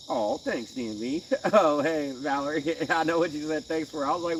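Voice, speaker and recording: A man's voice: fairly high pitch, moderate pace, gravelly, a little hiss or hum. A man hosting a live fishing stream from a riverbank at night, chatting with viewers in laid-back, slangy banter and laughing often. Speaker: livestream host. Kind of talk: casual live-stream chat.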